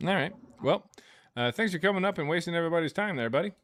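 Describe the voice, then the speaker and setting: A man's voice: on the high side, expressive, fast talker, a bit bright, a little hiss or hum. A man hosting a live stream, reading super chats in a casual, jokey, rambling way with many fillers.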